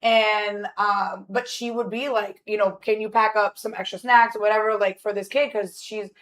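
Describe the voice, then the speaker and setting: A woman's voice: mid-range voice, steady tone, normal speed, a bit bright. A woman in her forties, a podcast guest, telling a family story in casual chat with many fillers and restarts.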